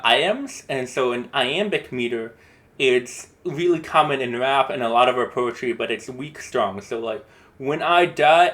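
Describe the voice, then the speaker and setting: A man explains poetic meter in a loose, conversational lesson. He thinks aloud and often restarts his phrases. His tone stays relaxed and unhurried. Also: mid-range voice. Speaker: host explaining a poem. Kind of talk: casual spoken lesson.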